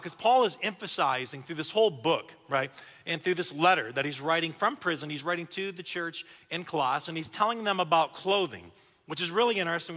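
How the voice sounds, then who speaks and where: A man in his thirties preaching a sermon in a church, talking in an animated, conversational way with frequent restarts. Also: on the high side. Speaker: pastor. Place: church auditorium. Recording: long hall reverb.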